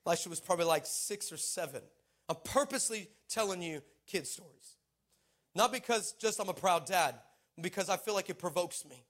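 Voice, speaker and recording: Brief: high-pitched male pastor, animated storytelling sermon. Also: moderate pace. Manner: animated storyteller, laughing, acting out quotes.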